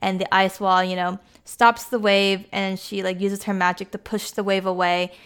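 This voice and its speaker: A woman's voice: mid-range voice, little pitch movement, normal speed, fairly bright tone, smooth. A woman giving a casual, chatty recap, with lots of "like" and "you know" as she talks.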